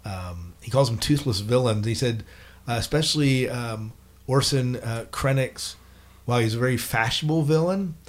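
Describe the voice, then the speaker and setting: A man's voice: mid-range voice, moderate pace. A man hosting a casual movie review podcast, thinking through arguments aloud. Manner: thoughtful, weighs arguments aloud. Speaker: podcast host.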